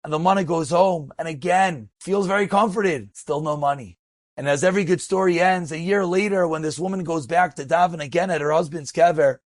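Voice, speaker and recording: A man's voice: high voice, a little mellow, no echo, clean studio sound. A man, a rabbi, telling a moving story in a sermon, acting out the people he quotes, wording.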